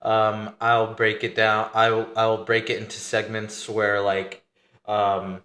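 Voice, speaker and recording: An interviewer chatting casually with a guest, supportive and halting, with many restarts. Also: medium pitch, completely flat delivery, fairly bright tone. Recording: roomy echo.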